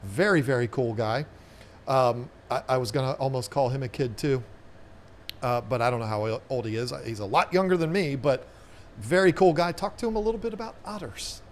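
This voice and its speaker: A man's voice: mid-range voice, moderate pace, a little hiss or hum. A man with a Southern US accent hosting a casual live chat, rambling and repeating words as he talks. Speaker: aquarium channel host.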